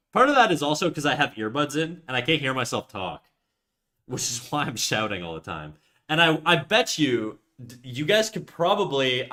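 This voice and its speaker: A man's voice: medium pitch, sharp tone. A young man streaming live, chatting casually in an upbeat, talkative way, restarting and stumbling over his words.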